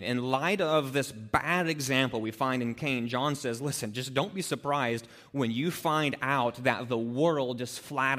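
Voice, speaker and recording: A man preaching a sermon as a pastor, animated and acting out the people he quotes. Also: on the high side. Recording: long hall reverb.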